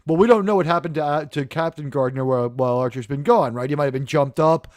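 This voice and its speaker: A man hosting a casual live-stream discussion, chatty and animated, often acting out characters' lines. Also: on the high side, fast, dry recording, studio quality. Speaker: live show host.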